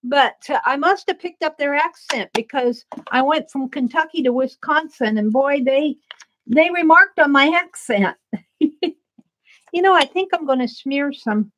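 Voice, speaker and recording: On a casual art livestream, a middle-aged woman from the American Midwest rambles chattily as she crafts, laughing frequently. She speaks in a high, somewhat bright voice at a measured pace.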